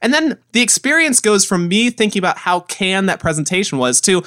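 Animated high-voiced man ranting. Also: brisk, hardly any pauses. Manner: animated, acts out quotes in mock voices. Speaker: podcast co-host. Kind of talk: casual chat.

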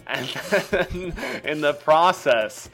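A man's voice: a little high, slow pace, fairly bright tone, faint music behind. A young man, a webcomic artist, in casual podcast banter, rambling and joking at his own expense. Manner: joking, rambling, self-mocking with frequent laughs.

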